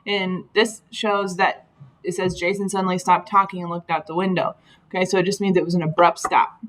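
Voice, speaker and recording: A woman's voice: lowish voice, little pitch movement, fairly quick, rough recording. A woman teacher talking through grammar slides in a patient, explanatory way, with frequent ums. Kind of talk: recorded slide lesson.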